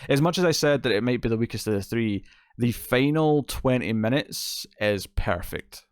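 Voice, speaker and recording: A man's voice: fairly low pitch, smooth, no echo, studio quality. A man hosting a casual spoken movie review show, enthusiastic and rambling, with many fillers and restarts. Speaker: film reviewer, show host.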